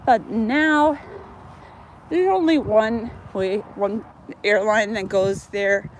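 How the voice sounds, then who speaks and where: A woman's voice: mid-range voice, takes it slowly. A woman from North Dakota with a slight Upper Midwest accent, chatting on a live stream with rambling talk full of fillers and restarts. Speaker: vlogger co-host. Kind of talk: casual live-stream chat. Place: outdoors on a beach, then in a car. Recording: noisy live phone stream.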